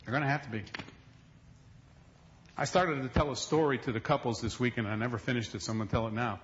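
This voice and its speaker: A middle-aged man preaching a sermon, telling a story with acted quotes, moving from loud to hushed. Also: mid-range voice, steady tone, fast talker, lo-fi sound. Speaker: pastor.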